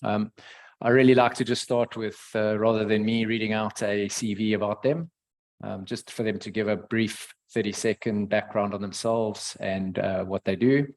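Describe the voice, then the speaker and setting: A man with a South African accent hosting a webinar over a video call, with a hesitant, pausing delivery. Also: on the low side, flat delivery. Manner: hesitant, many pauses. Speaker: webinar host. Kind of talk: webinar moderation.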